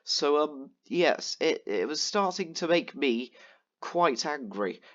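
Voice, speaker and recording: A fairly high-voiced man rambles through a casual rant, piling up ums and false starts as he vents. The sound is dull and lo-fi, like a cheap home mic. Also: lively intonation, takes it slowly. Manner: rambling, exasperated storytelling with many fillers. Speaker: gaming vlogger. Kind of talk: casual ranting commentary over gameplay.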